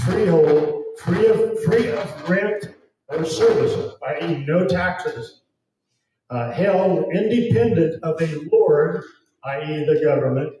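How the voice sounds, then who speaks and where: A man's voice: on the high side, dark tone, slight background noise. A man giving a fervent, emphatic public lecture at an event, with a preachy edge. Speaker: event speaker. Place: event hall. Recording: very echoey hall, distant mic.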